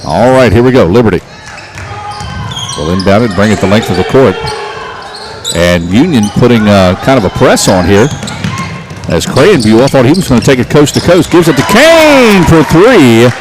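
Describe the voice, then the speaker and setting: A man calling local basketball play-by-play, getting excited and shouting on big plays. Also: mid-range voice, normal speed. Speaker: play-by-play announcer.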